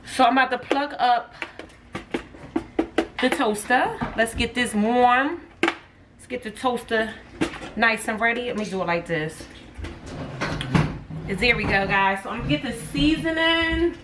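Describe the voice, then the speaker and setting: A cooking vlogger chats with her viewers, addressing them as "y'all," while making food at home. She speaks unhurriedly in a fairly high voice, pausing often, picked up by a distant phone camera with background noise.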